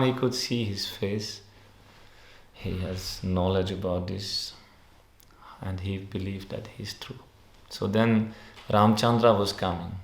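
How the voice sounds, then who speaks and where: A man with a low, gravelly voice gives a devotional talk in an ashram hall, his words bouncing around an echoey room. He speaks English as a second language, in simple, repetitive phrasing, and chants Sanskrit verses. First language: not English. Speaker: spiritual teacher. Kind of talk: devotional discourse.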